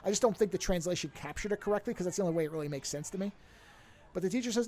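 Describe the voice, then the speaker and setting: A man's voice: high-pitched, racing, a little mellow. A man co-hosting a podcast, casually retelling a film plot in a rambling way and correcting himself as he goes. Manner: rambling storyteller, corrects himself mid-story. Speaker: podcast co-host.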